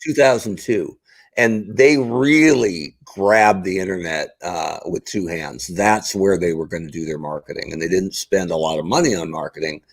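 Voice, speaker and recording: A man's voice: low voice, moderate pace, dry recording, rough recording. A middle-aged man, a guest on a podcast, chatting casually and acting out the exchanges he tells about. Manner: animated storyteller, acts out quoted exchanges.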